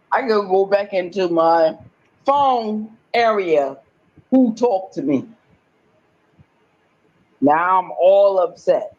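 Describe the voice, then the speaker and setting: A woman's voice: mid-range voice, darkish tone, lo-fi sound. A woman talking in an agitated, rambling monologue, emphatic and swearing often, repeating herself.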